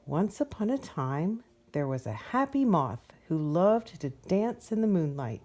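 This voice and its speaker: Gentle, low, mellow woman reading a picture book aloud. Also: measured pace. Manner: gentle, expressive read-aloud. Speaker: storyteller.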